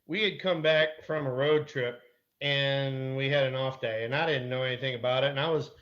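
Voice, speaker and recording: A middle-aged man, a former ballplayer and guest, telling an animated anecdote with mild swearing. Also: medium pitch, normal speed, lo-fi sound. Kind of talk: casual chat, storytelling.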